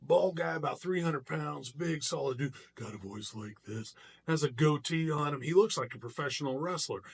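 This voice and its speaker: A middle-aged man, a martial artist, telling a personal story in a casual vlog, animated and loose with frequent restarts. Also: on the high side, a little fast, creaky, breathy edge.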